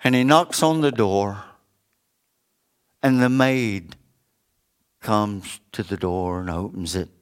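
A male preacher narrates a sermon story at a very slow, deliberate pace. His voice sits low, with dramatic pauses between phrases. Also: smooth.

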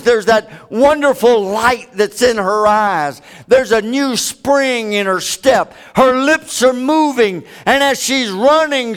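A man preaching a sermon, with big dramatic swings from loud high peaks to hushed low stretches. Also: smooth.

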